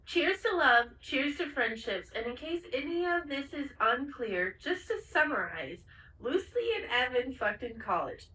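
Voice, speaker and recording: Woman, podcast co-host, bright tone, echoey room, a little off mic, animated retelling, casual chat. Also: sits high, a little slow, far from the mic. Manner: animated retelling, acts out the characters' lines, swears freely. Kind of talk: casual chat recapping a TV finale.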